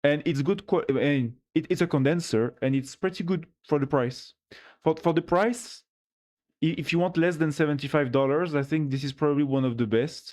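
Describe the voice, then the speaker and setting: Brief: male streamer, voice dropped by a voice changer, rambling casual gear talk on a boom-arm mic. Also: darkish tone. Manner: rambling, many restarts, reads chat aloud. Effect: voice changer lowering the pitch. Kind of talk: casual live-stream chat about gear. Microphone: studio mic on a boom arm.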